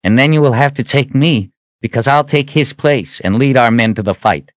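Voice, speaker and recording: A man's voice: mid-range voice, normal speed, dry recording, pitched above the performer's own voice, close to an everyday voice. A man voicing a bold, loyal young lieutenant with a raised declaration in an audiobook. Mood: defiant.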